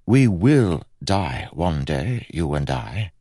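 A man voicing a playful, teasing young prince of about twenty, calm and wryly amused. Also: extremely low pitch, slow, husky, dry recording, studio quality, full character voice.

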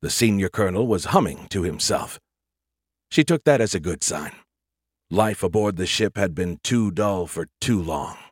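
A man narrating an audiobook in a steady, measured reading. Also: low voice, slightly rough, no room sound, studio quality.

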